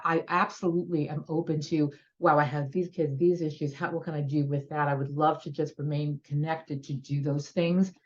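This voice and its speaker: A woman's voice: sits low, darkish tone, dull audio. A woman educational consultant eagerly explaining her methods on a video-call panel.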